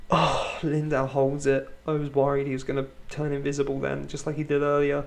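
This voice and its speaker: Talking fast with a slightly high voice and vocal fry, this man in his thirties narrates a Let's Play with totally flat delivery and few pauses. He's a gaming YouTuber working at home at night, holding his volume low so his children keep sleeping. His jokes are dry and aimed at himself.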